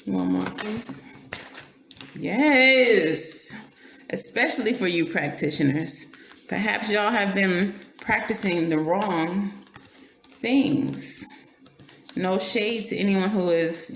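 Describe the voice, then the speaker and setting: A woman with a gravelly edge to her mid-pitched voice gives a casual tarot reading. She talks bluntly, swears freely and keeps asking "okay?" The sound is roomy, with faint noise under it. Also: slow, long pauses, fairly bright tone. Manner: blunt and profane, laughs often, checks in with "okay?". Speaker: tarot reader.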